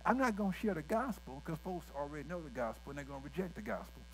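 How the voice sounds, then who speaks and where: A man's voice: a little high, expressive, fast talker, a little hiss or hum, low-quality recording. A male pastor, preaching a sermon with folksy asides and direct questions to the congregation.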